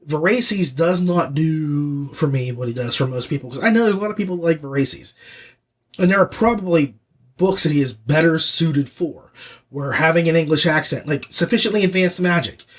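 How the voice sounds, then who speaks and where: A man hosting a podcast, giving a casual, opinionated audiobook review in an animated, rambling way with lots of restarts. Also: a little high, moderate pace.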